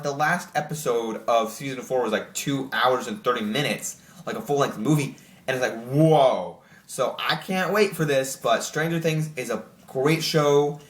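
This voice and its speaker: A young man chatting casually to camera as host, excited and rambling with lots of filler words. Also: medium pitch. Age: young adult. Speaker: channel host ranking TV shows. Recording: roomy echo.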